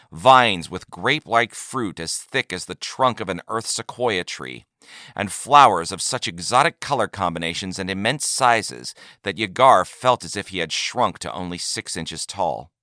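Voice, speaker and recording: A man reading a science-fiction story aloud as narrator, with steady, expressive storytelling. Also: low-pitched, normal speed, no room sound, clean studio sound.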